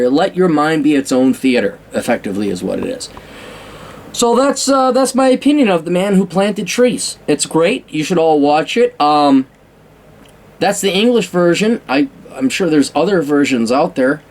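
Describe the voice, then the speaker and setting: A man's voice: fairly high pitch, darkish tone. A man hosting a casual film review, rambling and self-mocking with frequent restarts and swearing.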